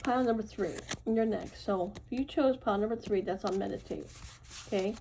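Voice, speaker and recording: A woman's voice: mid-range voice, brisk, creaky, warm tone, slight background noise, low-quality recording. A woman giving a casual tarot reading to her viewers, reassuring and chatty, often checking in with "right?" and "okay?". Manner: loose and chatty, with fillers and self-corrections. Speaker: tarot reader.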